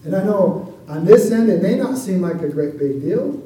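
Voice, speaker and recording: Male pastor, high and mellow voice, preaching casually, recorded far off the mic in a roomy hall. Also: animated, moderate pace, a little hiss or hum. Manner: conversational, keeps asking the congregation for an amen. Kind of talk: sermon. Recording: echoey room, voice from far off the mic.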